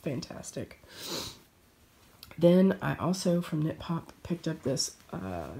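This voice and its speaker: A woman with a low voice chats to camera as a sewing vlogger. She is hoarse from a cold, and her friendly, rambling delivery is full of fillers and restarts. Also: big pitch swings, slow pace, mellow, a little hiss or hum. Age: adult with children. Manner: chatty, with frequent fillers and restarts. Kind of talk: casual chat to camera.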